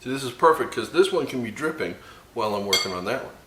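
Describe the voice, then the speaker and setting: A man's voice: mid-range voice, expressive, roomy sound, noisy background. A man hosting his own cooking video, chatting casually with self-mocking jokes as he fries food. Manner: joking, self-mocking asides with quick laughs. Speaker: cooking channel host. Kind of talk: casual cooking tutorial chat.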